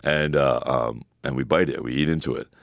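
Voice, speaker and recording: Un homme d'âge moyen, co-animateur d'un podcast, qui raconte des anecdotes avec animation, imite les répliques en forçant la voix et jure volontiers. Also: male voice, rumbling low, brisk, creaky, no echo, studio quality. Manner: animated storyteller, acts out quotes in a raised voice; swears casually. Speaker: podcast co-host. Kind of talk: casual chat, storytelling.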